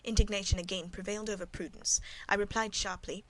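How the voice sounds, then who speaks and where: A woman narrates a classic novel in the first person, reading in a measured, even way. Her voice sits at a middle pitch, neither high nor low. The delivery is steady and scripted, like a storybook read aloud. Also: a little hiss or hum, rough recording. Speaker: audiobook narrator.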